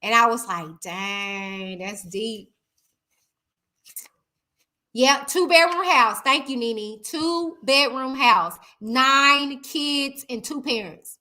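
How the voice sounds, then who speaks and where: Her voice sits high and moves slowly, with few pauses, as she hosts a relaxed live stream. She chats, reads viewer comments aloud, and speaks right to her audience, animated and chatty, calling them "y'all."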